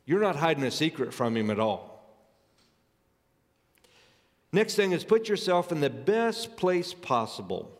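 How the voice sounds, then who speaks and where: A man's voice: on the high side, very animated, measured pace, long pauses. Earnest preaching man in a reverberant hall. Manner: earnest preaching, reads scripture aloud with rising emphasis. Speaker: pastor. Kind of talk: sermon.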